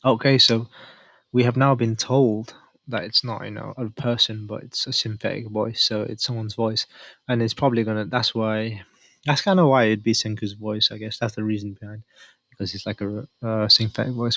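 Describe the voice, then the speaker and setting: Male reviewer, low-pitched, dry recording, casual rambling delivery. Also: steady tone, normal speed, fairly bright tone, no room sound. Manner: rambling, thinking aloud while reading. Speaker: manga reviewer.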